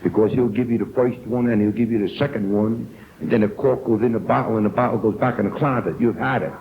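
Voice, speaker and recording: Speaking quickly in a lowish, fairly even voice, an older New Yorker tells his story earnestly to an AA meeting and plays out the people he quotes. The tinny old tape recording carries a noisy background.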